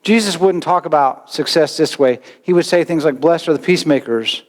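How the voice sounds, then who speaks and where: A male pastor preaching a sermon with animated delivery and sudden loud bursts. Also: on the high side, a little fast. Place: church sanctuary. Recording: long church reverb.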